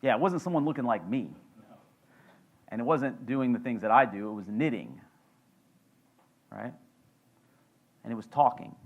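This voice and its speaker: A man preaching a sermon as pastor in a relaxed, conversational way, with joking asides. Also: medium pitch, normal speed, long pauses, narrow, tinny audio. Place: church sanctuary.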